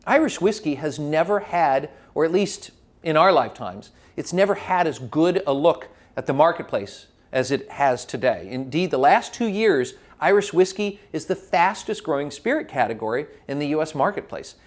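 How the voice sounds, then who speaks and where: A man giving a lively classroom lecture as a spirits educator, telling history like a story with small restarts. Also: a little high, normal speed.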